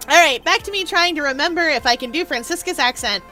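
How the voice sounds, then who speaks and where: A woman streamer giving casual gaming commentary, giggly and animated. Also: high voice, quick pace, faint music behind.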